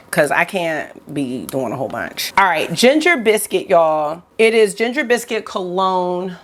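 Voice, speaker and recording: Gushing chatty woman, slightly gravelly. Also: lowish voice. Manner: chatty and gushing, talks straight to viewers. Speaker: beauty vlogger. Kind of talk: casual haul chat to camera.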